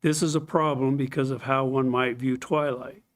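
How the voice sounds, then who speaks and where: Scripture is read aloud by a man teaching a scripted Bible study lesson, his medium-pitched voice fairly even in intonation and at normal speed. He explains things step by step and now and then clears his throat.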